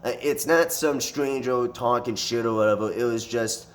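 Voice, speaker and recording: A man's voice: medium pitch, moderate pace. A man recounts a fight in a loose storytime monologue. He swears in nearly every line and circles back on himself with restarts and fillers as he tells it. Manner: profane, animated retelling with frequent swearing.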